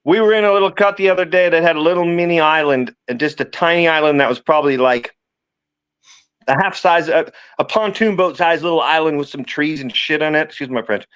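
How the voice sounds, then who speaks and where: A man, a fishing guide chatting casually on a podcast and telling animated stories. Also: a little fast, smooth. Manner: animated storyteller, acts out quotes with big pitch jumps. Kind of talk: casual chat.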